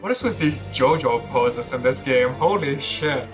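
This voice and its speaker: A male streamer chatting casually over gameplay, joking and offhand, in a mid-pitched voice. Game music plays loudly behind him. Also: lively intonation, unhurried.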